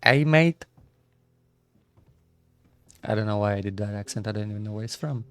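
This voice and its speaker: A man's voice: fairly low pitch, monotone, racing, mellow. A man streaming a video game live, muttering to himself and poking fun at his own mistakes. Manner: muttering, self-deprecating. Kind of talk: live gameplay commentary.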